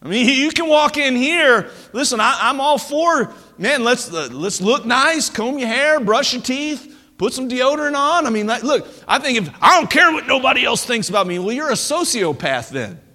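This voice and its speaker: A man preaching a sermon as pastor, animated and conversational, often stumbling over restarts as he talks. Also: very high-pitched, normal speed, big-room sound. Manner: animated preaching with stammered restarts and playful impressions.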